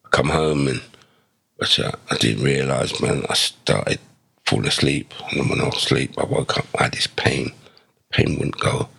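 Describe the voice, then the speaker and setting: Speaking at normal speed, an English ex-footballer with a deep, gravelly voice shares his life story as a podcast guest. He's lively and conversational, and he acts out the dialogue in his anecdotes using different quoted voices.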